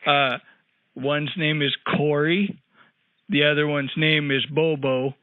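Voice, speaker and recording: Playing a cranky old man on a prank phone call, this older male caller grumbles and rambles with crude asides, claiming sixty years of marriage. His voice sits on the high side with a steady tone and slow pace. The audio is a tinny, dry phone line.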